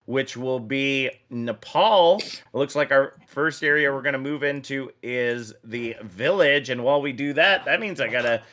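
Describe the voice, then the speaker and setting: A man casting a live online match, calling the plays quickly with many fillers and asides. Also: mid-range voice. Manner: quick, excitable calls with frequent fillers. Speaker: esports caster. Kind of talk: live play-by-play commentary.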